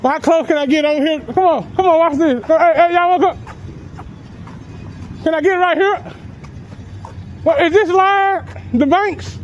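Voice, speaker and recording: A man with a very high voice talks back casually on the street, brash and taunting, swearing freely and breaking into laughter. He is outdoors on a sidewalk, caught on the camera he holds, with a faint hum of traffic behind him. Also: a little slow, pauses often, dull audio. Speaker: citizen filming police.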